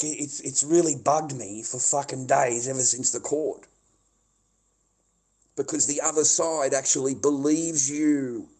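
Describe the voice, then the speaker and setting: A man in middle age vents on a livestream in an angry, looping rant, swearing and going over the same points again and again. His speaking voice sits somewhat high for a man. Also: a little mellow, breathy edge. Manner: agitated, swearing, repeating himself.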